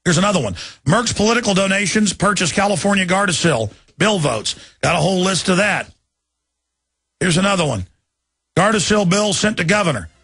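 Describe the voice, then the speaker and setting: A male talk radio host ranting with urgency, his voice raspy and gravelly, forceful and fairly high. He pleads and presses his listeners in a long indignant monologue. The sound is dry and close, with faint music underneath. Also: expressive, a little fast, no room sound.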